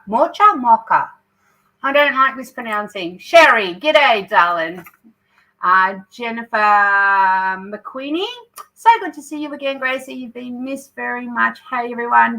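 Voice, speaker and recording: A woman's voice: on the high side, a little slow, bright, forceful tone, poor audio. A woman with an Australian accent hosting a live craft stream, chatting and reading out viewer comments. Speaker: craft channel host.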